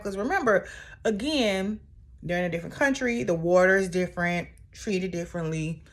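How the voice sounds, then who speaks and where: A woman's voice: lowish voice, brisk. A woman casually recapping a reality TV episode in a chatty, sassy way, full of asides.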